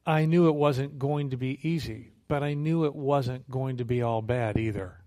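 A man with a medium-pitched voice speaks at a normal speed, preaching a sermon as a missionary. He tells stories in a conversational, humorous way, animated throughout and acting out the quotes.

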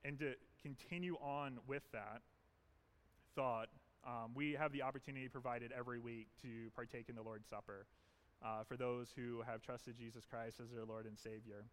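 A man's voice: medium pitch, level tone, moderate pace, a bit bright. A man pastor preaching an earnest, emphatic sermon in a church, leaning on repetition.

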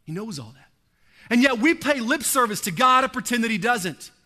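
A man preaching a sermon in an earnest, conversational way, sprinkling in casual asides and swinging between hushed and emphatic delivery. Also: very high voice, lively intonation, moderate pace. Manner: casual filler "like" and "right". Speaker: pastor.

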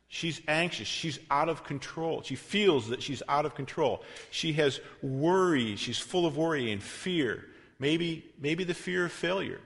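A man preaching a sermon in a conversational way, with asides and self-corrections, swinging between loud emphasis and quiet passages. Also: mid-range voice. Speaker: pastor. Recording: long reverb of a large hall.

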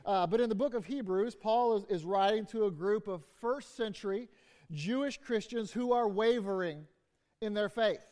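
High-voiced man preaching as a guest. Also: a little mellow. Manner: halting with frequent restarts and fillers. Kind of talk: sermon.

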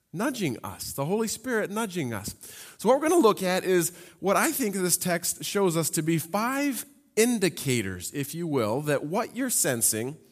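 A man delivers a sermon in an animated voice that rises and falls a great deal, slightly higher than most men. He reads scripture, then talks to the congregation casually and with humor. His voice rings with the long reverb of a large hall. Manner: lively, conversational preaching with humor and asides. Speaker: pastor.

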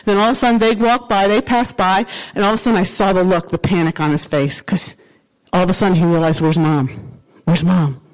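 A woman pastor delivering a sermon from the pulpit, her voice at an ordinary middle pitch. She preaches emphatically and repeats her key lines for weight. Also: fairly even intonation, fast talker, poor audio.

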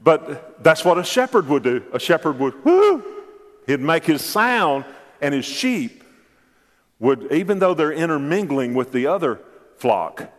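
A man's voice: a little high, animated, a little slow. A man preaching a sermon as a pastor in a church, emphatic and repeating his words as he addresses the congregation directly. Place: church sanctuary. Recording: long reverb of a large church.

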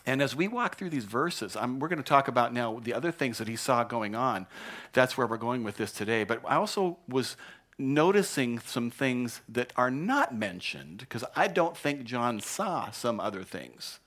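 A man preaching a sermon as pastor, animated and joking as he tells stories. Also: medium pitch, normal speed.

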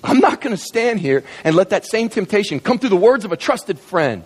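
A man preaching a sermon as a pastor, telling the story in an animated, jokey way. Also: sits high, brisk, husky, long reverb tail.

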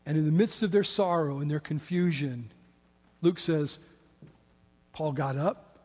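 A man preaching with fervor, his voice pitched unusually high and climbing further at each point he drives home. The sound rings out with the long reverb of a large church sanctuary. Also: a little slow. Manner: impassioned preaching, rising to high emphatic peaks, then quiet in prayer. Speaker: pastor. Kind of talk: sermon.

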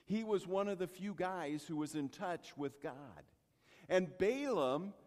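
A man preaching a sermon, telling the story with lively acting-out and speaking straight to the congregation. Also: fairly high pitch, big-room sound. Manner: animated storytelling, addresses congregation directly.

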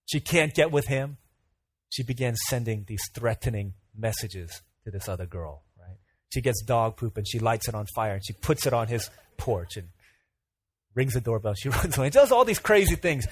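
A man preaching a casual youth sermon, telling stories in a lively way with many fillers and asides. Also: medium pitch, moderate pace, slightly rough, no echo. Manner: animated storytelling with fillers and asides.

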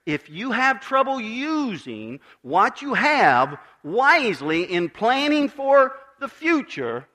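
A pastor preaches a sermon in a high voice with big pitch swings. He builds to emphatic swells, then drops to quiet, measured lines.

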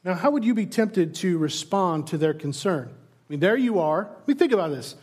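A man with a high voice preaches a sermon as pastor. He speaks earnestly, keeps asking the congregation rhetorical questions, and sometimes trips over repeated words when he presses a point. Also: lively intonation, normal speed, a little mellow.

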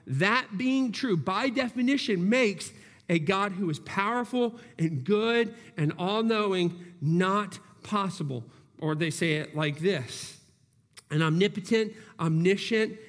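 A pastor with a high-pitched voice preaches a sermon in a church hall full of long reverb. He earnestly works through his points, restarting phrases as he reasons aloud.

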